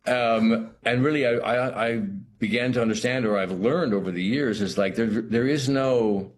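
A middle-aged actor speaking as an interview guest, thoughtful and halting, restarting phrases and filling gaps with "you know". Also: male voice, mid-range voice. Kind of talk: reflective interview talk.

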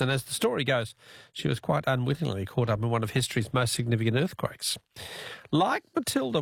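A man's voice: medium pitch, no room sound, clean studio sound. A man hosting a late-night radio show, chatty and rambling with frequent fillers. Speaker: radio host. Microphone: studio microphone.

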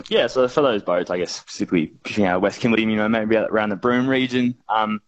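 A man's voice: lowish voice, quick pace. Chatty Australian man on a dull line. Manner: enthusiastic, rambling with fillers and restarts. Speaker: fishing reporter. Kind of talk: casual radio chat.

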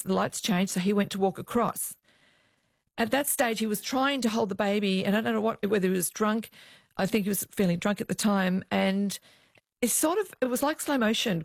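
Middle-aged Australian woman, ex-cop guest, animated storyteller, dry close sound. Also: mid-range voice, a little fast, creaky, no echo. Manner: animated anecdotes, acts out quoted voices. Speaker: guest, former police officer. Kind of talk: interview storytelling.

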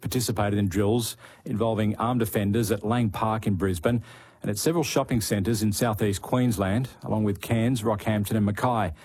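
A man reads the news bulletin in a measured, scripted way. His voice sits somewhat low and has a husky edge to it. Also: darkish tone. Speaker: news presenter.

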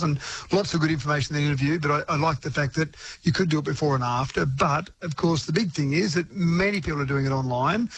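A man with a New Zealand accent, a regular tech expert, talking through scams in a chatty, brisk radio interview. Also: on the high side, slight background noise, rough recording.

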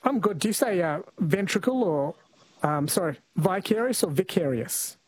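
A man's voice: high voice, expressive, moderate pace, slightly rough, rough recording. A man hosting a radio call-in quiz, chatting casually with callers and often correcting himself mid-sentence. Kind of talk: casual talkback radio chat.

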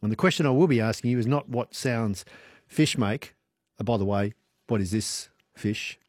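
A man's voice: medium pitch, moderate pace, a little mellow, a little hiss or hum. A man with an Australian accent hosting an evening radio show, chatty and playful, laughing easily. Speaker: radio host. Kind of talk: casual radio chat. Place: radio studio.

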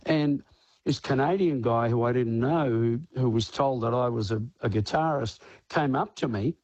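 A man's voice: medium pitch, moderate pace, a little mellow, no room sound, muffled recording. An older man, a guest musician in a radio interview, telling stories in a rambling way with lots of "you know" and acted-out quotes. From Australia.

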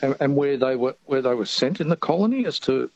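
A man's voice: medium pitch, expressive, brisk, gravelly, a little mellow, dry recording. A man phoning in to a radio show, hesitant and repeating himself as he asks his question. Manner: hesitant, repeats words when starting. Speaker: caller. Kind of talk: phone-in question. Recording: dull phone-in line.

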